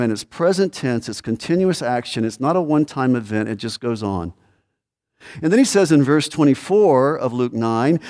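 A man's voice: medium pitch, darkish tone. A man preaching a sermon as a pastor, earnest and repetitive, rising to sudden emphatic peaks. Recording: long hall reverb.

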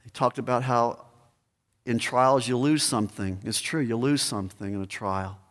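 A man preaching as a pastor, building to emphatic peaks and then slowing into a measured prayer. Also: medium pitch, steady tone. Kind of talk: sermon and closing prayer. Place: church sanctuary. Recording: long church reverb.

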